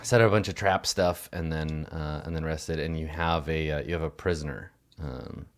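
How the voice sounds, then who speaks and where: A man's voice: a bass voice, fairly even intonation, moderate pace. A man acting as game master, joking and laughing easily as he chats with his players over a call. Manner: joking, easygoing, laughs often. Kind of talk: casual banter before a tabletop game.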